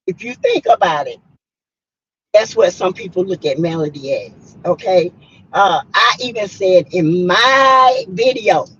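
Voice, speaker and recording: A woman's voice: mid-range voice, fairly bright tone, husky, lo-fi sound. A middle-aged woman, hosting a casual livestream, greeting viewers by name and giving frank opinions. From South Carolina, US. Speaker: host of a reality-TV review livestream. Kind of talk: casual live-stream commentary.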